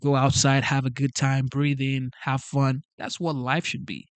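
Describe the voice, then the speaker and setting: The channel host, who immigrated and doesn't speak English natively, works through the live chat in an unhurried, flat, mid-range voice with a clean tone. His casual stream sounds dry, and he pleads earnestly, often saying things more than once.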